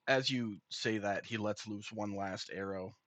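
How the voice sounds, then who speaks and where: A man narrating a tabletop game as game master, relaxed and descriptive with filler pauses. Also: on the low side, dry recording.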